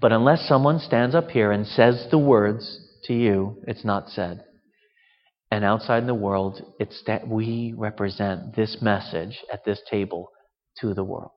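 A male pastor delivers a conversational communion sermon in a church, posing rhetorical questions. His voice is fairly low, steady, and unhurried, and the recording has a dull, reverberant hall sound.

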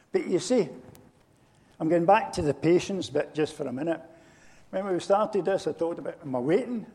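Preacher with gravelly voice in a reverberant hall. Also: male voice, high-pitched. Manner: storytelling, animated, addresses congregation directly. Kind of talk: sermon.

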